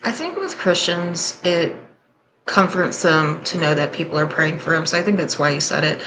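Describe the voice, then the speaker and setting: A woman with a fairly low voice hosts and comments on a reaction piece, speaking candidly with a sarcastic, skeptical edge. She's animated and talks at normal speed, with a faint hum of noise beneath her voice.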